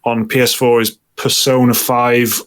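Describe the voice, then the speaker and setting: A man's voice: mid-range voice, level tone, a little slow, clean tone. A man hosting a game podcast from home over the internet, casually leading a segment and making brief joking asides. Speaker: podcast host running the segment list. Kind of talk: casual chat.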